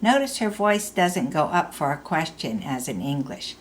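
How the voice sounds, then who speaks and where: A woman teaching a recorded language lesson, explaining slowly and repeating example phrases. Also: low voice, very animated, slight background noise.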